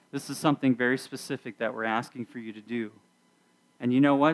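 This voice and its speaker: A man's voice: medium pitch, a bit bright. Middle-aged man, youth pastor, casual sermon, conversational, talks the crowd through activities. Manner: conversational, leads the audience in activities.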